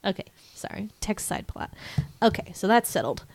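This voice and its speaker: A woman's voice: medium pitch, big pitch swings, moderate pace, no room sound. A young woman chats through a film recap on her podcast. She swears freely, laughs often and slips into short impressions of the characters. Her voice sits in an ordinary middle register, recorded close and dry with no room sound. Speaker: podcast co-host. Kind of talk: casual chat recapping a film.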